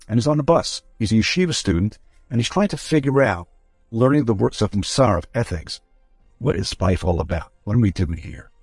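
A man with a lowish voice tells a story, lively and expressive, and jumps into the characters' voices. The sound is dry and close, with faint music in the background. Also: dry recording. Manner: animated, acts out quoted voices. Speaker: rabbi storyteller.

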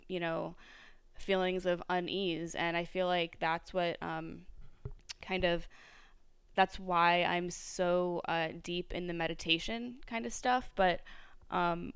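Woman musing softly in a low, even voice. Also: clear, resonant tone, no room sound. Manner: reflective, many fillers and restarts. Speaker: podcast host. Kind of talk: solo podcast monologue.

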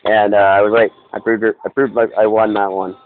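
A man's voice: on the low side, level tone, fairly quick, no echo. A Canadian man co-hosting a podcast, talking in a wry, opinionated, rambling way with lots of fillers. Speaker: podcast co-host. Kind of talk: casual banter. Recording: tinny lo-fi line with faint hiss.

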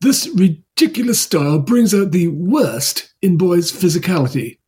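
A man's voice: high-pitched, expressive, unhurried, dark tone, slightly rough, voice pushed up, full character voice. A man voicing a strict, uptight British male headmaster in a put-on British accent, stiff and disapproving. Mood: stern.

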